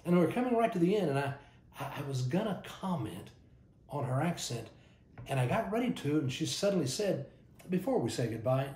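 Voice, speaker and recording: A man's voice: mid-range voice, roomy sound. An older man from Texas with a Texan accent, a pastor telling stories in a folksy devotional talk, often repeating his first word. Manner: warm anecdotal, repeats words at starts.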